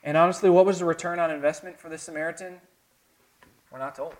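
A man from the American South preaching a sermon with a Southern accent, earnest, swinging between soft, quiet passages and emphatic, rising lines. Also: on the high side, steady tone, fast talker, slight background noise. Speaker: pastor.

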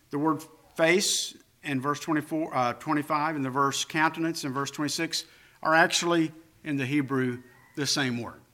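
A pastor delivers a sermon in a slightly high, pushed, bright male voice. His tone is conversational, with self-deprecating asides, and he builds emphasis by repeating himself and rising on key phrases.

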